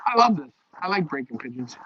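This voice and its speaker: A man talking loudly to his pigeons as he shows his loft on a live phone stream. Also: a little high, very animated, fast talker, a little hiss or hum. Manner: loud, talks to his birds. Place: pigeon loft, outdoors nearby. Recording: dull lo-fi stream audio.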